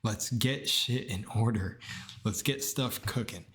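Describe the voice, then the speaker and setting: A man's voice: lowish voice, unhurried, a bit bright. A young man giving casual reaction commentary, rambling and heated, swearing freely and dropping slang. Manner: rambling, slangy, says bro a lot. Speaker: video commentator.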